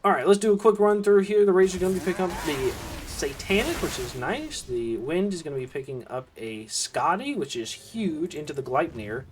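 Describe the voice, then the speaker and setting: A man's voice: fairly high pitch, very animated, normal speed, slight background noise. A man with a Southern US accent giving casual solo play-by-play commentary on an esports match. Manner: easygoing, chatty, with asides and fillers. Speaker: esports caster.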